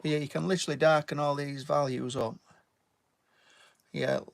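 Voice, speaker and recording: A man's voice: a little high, little pitch movement, normal speed, gravelly, no echo. A British man chatting casually while giving a drawing tutorial and thanking viewers. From Britain. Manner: chatty, reads out viewer names and thanks them, "mate". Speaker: artist live-streaming.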